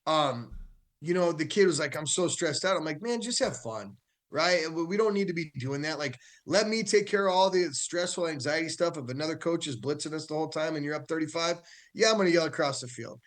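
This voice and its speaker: A man who coaches youth and high school football, chatting casually as a guest and telling stories with a laugh. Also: fairly quick. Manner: animated storytelling, laughs often. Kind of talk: casual chat.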